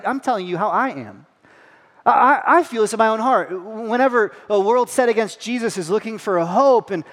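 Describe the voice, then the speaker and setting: A high-pitched male pastor preaches in a church sanctuary, and his voice rings with a long hall reverb. He tells stories in a playful, self-deprecating way and acts out each quote. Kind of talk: sermon.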